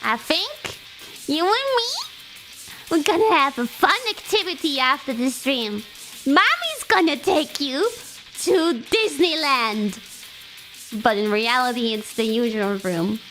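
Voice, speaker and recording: A young woman streamer chatting casually, excitable and teasing, breaking into squeals and laughs. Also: high-pitched, slow pace. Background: background music.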